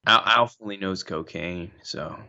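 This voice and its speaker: A man's voice: sits low, unhurried, sharp tone. A man making short, wry quips in casual chat. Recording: dull lo-fi recording.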